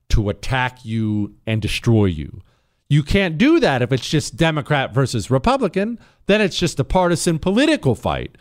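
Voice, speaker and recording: A male talk-show host who talks with heat and emphasis. His voice sits fairly high for a man. He mocks and presses every point. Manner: emphatic, heated, mocking. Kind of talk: opinionated political talk.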